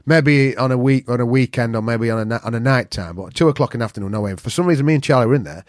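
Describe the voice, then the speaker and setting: A northern English man with a Yorkshire accent spins a rambling, sweary yarn as a podcast guest. His voice sits at an ordinary middle pitch. It is recorded close and dry. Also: rapid-fire, dry recording. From Northern England. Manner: swears freely, animated storyteller who acts out quotes. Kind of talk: casual storytelling.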